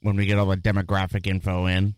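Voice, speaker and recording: A man's voice: sits low, monotone, fast talker, clean tone, no room sound. Jokey man in casual chat. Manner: jokey, hesitant, with frequent restarts and sound-effect gags. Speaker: podcast co-host.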